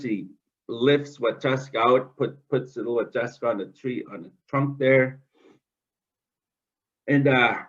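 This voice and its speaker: A man telling a traditional story to students in a school, conversational and full of asides. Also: mid-range voice. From Canada. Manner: lively, conversational, many asides. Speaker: oral storyteller. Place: school classroom. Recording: dull lo-fi recording.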